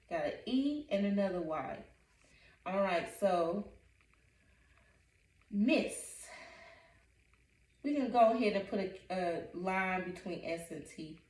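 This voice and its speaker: A woman working as a reading coach, giving a phonics lesson in a patient manner and repeating each word syllable by syllable. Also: medium pitch. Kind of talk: phonics lesson, sounding out words. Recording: echoey room, voice from a distance.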